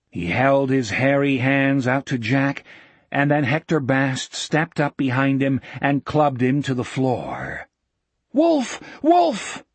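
A man narrating a novel in a measured, dramatic storytelling manner on a close mic. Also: medium pitch, dry recording. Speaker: audiobook narrator. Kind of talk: scripted narration.

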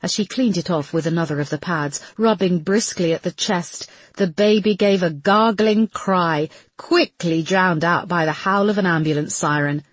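A woman narrating an audiobook with a low, husky voice and a lively, animated delivery. The reading is scripted and dramatic. It is recorded dry and close. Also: normal speed, no room sound.

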